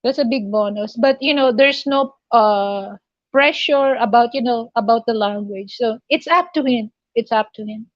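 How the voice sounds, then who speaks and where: A woman with a Filipino accent hosting a casual live chat, halting and full of fillers and restarts. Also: fairly high pitch, no echo, lo-fi sound. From Philippines. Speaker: livestream host.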